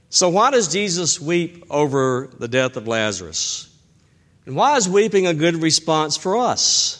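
A middle-aged man preaching a sermon as pastor, emphatic and slowing down to stress key phrases. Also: fairly high pitch, lively intonation, fairly bright tone.

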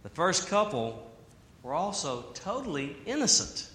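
A man preaching a sermon in an animated way, with humor and asides. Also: fairly high pitch, a little slow. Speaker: pastor. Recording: echoey hall.

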